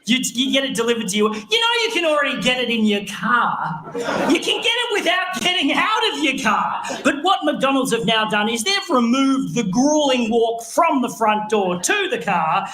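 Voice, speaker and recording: A man with an Australian accent doing a live stand-up set, profane and animated, laughing through his jokes. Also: extremely high pitch, normal speed, a crowd in the background. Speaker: stand-up comedian. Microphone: handheld stage microphone.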